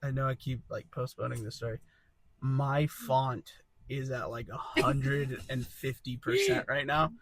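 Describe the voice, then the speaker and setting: A man's voice: mid-range voice, big pitch swings, measured pace, a bit bright. A man co-hosting a podcast, chatting casually and joking, laughing often. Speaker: podcast co-host and story reader. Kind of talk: casual chat.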